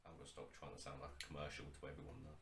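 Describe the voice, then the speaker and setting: A man's voice: rumbling low, completely flat delivery, very fast, creaky, fairly bright tone, a little hiss or hum. A man co-hosting a podcast in casual chat, jokey and rambling, poking fun at himself. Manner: jokey, rambling, self-mocking. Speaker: podcast co-host. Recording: roomy echo.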